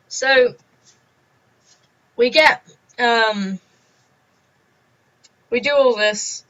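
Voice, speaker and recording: A woman's voice: on the high side, very slow, pauses often, a bit bright. A teenage girl telling a story in a chatty vlog, acting out the people she quotes. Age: teens. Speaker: vlogger. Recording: dull lo-fi recording.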